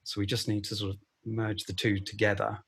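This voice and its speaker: A man's voice: fairly low pitch, completely flat delivery, brisk, fairly bright tone, slightly rough. A man, a film director, answering interview questions hesitantly. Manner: hesitant, with many fillers and restarts.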